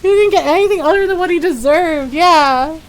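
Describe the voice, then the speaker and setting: A woman streamer chatting casually while gaming, telling animated stories and laughing often. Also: extremely high pitch, normal speed.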